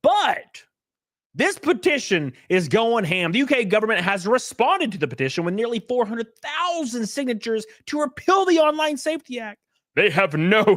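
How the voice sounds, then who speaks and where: Excitable man with a lively high voice. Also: no room sound, studio quality. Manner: loud, excitable and joking, with sudden yelps. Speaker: streamer host. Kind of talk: casual livestream chat.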